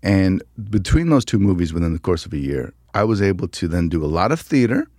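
A man from the United States, an actor guest telling stories in an interview, animated and laughing, often acting out quotes. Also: deep voice, fairly quick, no echo, studio quality. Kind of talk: casual interview storytelling.

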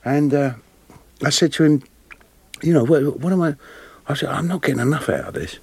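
A man with a Cockney accent, a guest actor telling lively anecdotes with frequent laughter. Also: a little high, a little fast, vocal fry, slightly rough, dry recording. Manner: animated, laughing often, plays voices in his stories. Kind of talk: storytelling interview anecdotes.

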